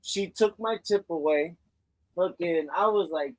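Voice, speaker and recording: A delivery driver with a high voice tells stories in casual chat, unhurried but animated, swearing often. The recording is low quality with no echo.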